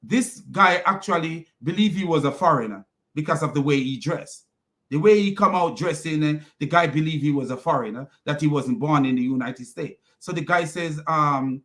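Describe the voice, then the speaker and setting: This high-pitched male voice, fairly bright and at normal speed, belongs to an online commentator. In casual ranting commentary he is heated and mocking, laughing often and saying things over and over.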